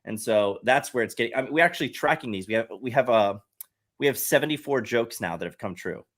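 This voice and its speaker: This man's mid-range voice is expressive, fast and fairly bright in tone. The head of a satire site, he's a podcast guest chatting casually, holding forth earnestly with explanations and many restarts.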